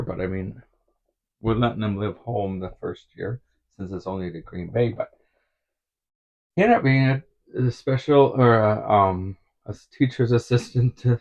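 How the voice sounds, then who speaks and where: A man's voice: medium pitch, vocal fry, a little mellow, dull audio. A middle-aged man telling rambling stories in a casual vlog, chuckling often as he talks. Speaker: vlogger.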